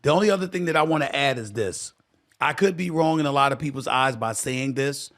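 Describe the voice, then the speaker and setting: Talking a little fast in a mid-range, slightly bright voice, the host of his own sports talk show launches into a passionate commentary monologue, hammering phrases through repetition and addressing the audience as "y'all."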